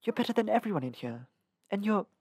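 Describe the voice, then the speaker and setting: A man voicing a sharp-tongued, defensive young woman assassin in an audiobook. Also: high voice, big pitch swings, quick pace, slightly rough, no room sound, clean studio sound, pitched above the performer's own voice, full character voice. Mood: earnest.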